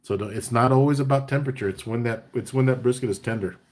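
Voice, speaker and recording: A man hosting a casual live-stream chat. He talks in a relaxed, chatty way, reads out viewer comments and gives tips between bits of banter. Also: medium pitch, fast talker. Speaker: barbecue caterer and live chat host.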